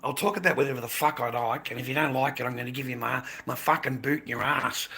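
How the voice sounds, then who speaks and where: Gravelly man, blunt and sweary. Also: mid-range voice, quick pace, hardly any pauses, sharp tone. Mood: angry. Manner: swearing, aggressive, blunt, calls people mate. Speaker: livestreamer. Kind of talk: casual livestream chat with viewers.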